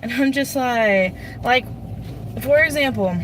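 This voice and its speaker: A woman's voice: high voice, a little slow. A woman from Mississippi, vlogging in casual talk, blunt and candid with some swearing. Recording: car interior road noise.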